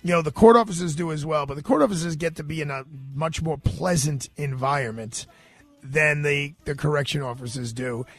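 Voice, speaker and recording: A man's voice: on the high side, brisk, soft background music. A middle-aged man hosting a radio talk show, telling a story in a loose, chatty way and acting out the people he quotes. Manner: animated, acts out quoted voices. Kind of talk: casual storytelling monologue.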